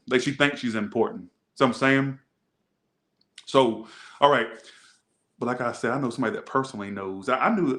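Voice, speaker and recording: A man's voice: mid-range voice, fairly bright tone. A man hosting a tarot reading video, chatting casually with rambling, joking asides. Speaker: tarot reader.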